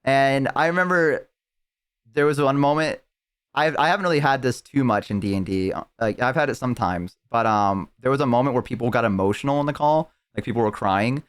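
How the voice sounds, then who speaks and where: A man's voice: mid-range voice, a little fast, smooth. A young man streaming live, telling a long, rambling story in casual chat with lots of fillers and restarts.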